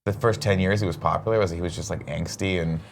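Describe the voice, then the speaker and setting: A man's voice: sits low, steady tone, quick pace, gravelly, slight background noise. A young man co-hosting a talk show, bantering with teasing sarcasm. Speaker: podcast co-host. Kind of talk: casual chat.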